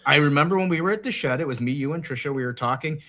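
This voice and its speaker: A man's voice: a little high, racing, bright, forceful tone. A man hosting a casual live stream chat, rambling with many restarts and fillers. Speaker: host.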